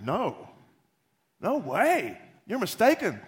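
A man voicing the disciple Peter, a boastful man who loudly swears loyalty and then panics into denial. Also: high-pitched, wildly swooping pitch, slow, pitched above the performer's own voice, exaggerated voice. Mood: denying.

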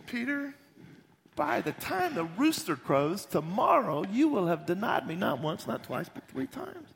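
A man voicing Jesus, a calm, commanding teacher who makes declarations with emphasis. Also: sits high, unhurried, vocal fry, long reverb tail, slight background noise, voice pushed up, full character voice. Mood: foretelling.

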